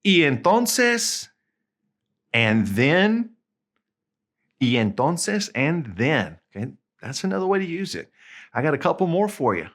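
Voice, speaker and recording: Man, language tutor, lively pitch, relaxed explaining, slow drawn-out example words. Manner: relaxed, explanatory, drawing out Spanish words slowly. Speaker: Spanish tutor. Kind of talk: video language lesson.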